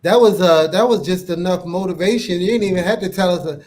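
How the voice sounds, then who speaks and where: A man's voice: high voice, quick pace, a little mellow, slight background noise. A man hosting a casual online chat show, laid-back and joking, often stumbling over his words. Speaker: show host.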